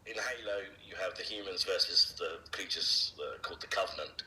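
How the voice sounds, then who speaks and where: A voice actor being interviewed, a man talking casually and haltingly, with frequent fillers and restarts. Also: low voice, bright, forceful tone, a little hiss or hum, low-quality recording. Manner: hesitant, many fillers and restarts.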